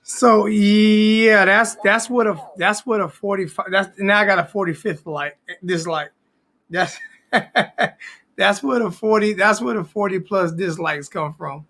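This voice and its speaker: A man's voice: sits high, fairly even intonation, unhurried, bright, forceful tone. A man hosting a sports talk stream, boasting and trash-talking in a casual rant with many restarts. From American. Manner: boastful, repeats himself, stammering restarts. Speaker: sports podcast host.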